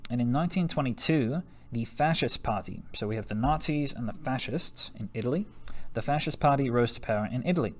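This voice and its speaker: A man's voice: mid-range voice, animated, fairly quick. Jokey, laughing male history teacher. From United States. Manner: jokey, chatty, laughs often, slangy asides. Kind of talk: recorded classroom lesson.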